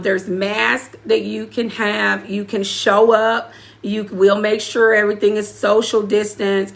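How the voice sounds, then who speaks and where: This apostle and community leader speaks at medium pitch in a gravelly, fairly bright voice. Her testimony is emotional and preacherly, delivered directly to a live crowd with key phrases repeated for weight.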